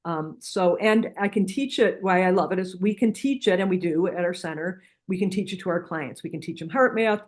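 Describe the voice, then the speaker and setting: A woman's voice: on the low side, a little fast, few pauses. A middle-aged woman, a guest practitioner from a healing center, explaining techniques and telling stories in an earnest, conversational interview, often restarting her sentences. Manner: earnest, with frequent restarts and lively retold dialogue.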